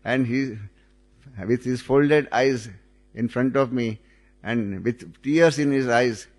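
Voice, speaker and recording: A man's voice: mid-range voice, takes it slowly. A man with an Indian English accent telling a spiritual story in an earnest way, repeating his phrases. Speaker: spiritual speaker.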